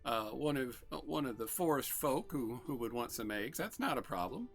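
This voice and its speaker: A man's voice: medium pitch, lively intonation, faint music behind, voice pushed up, lightly acted. A game master voicing a chatty, motherly older female innkeeper who fumbles over her words. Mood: hospitable. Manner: fumbling, friendly, quick to laugh. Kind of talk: narrating a tabletop game.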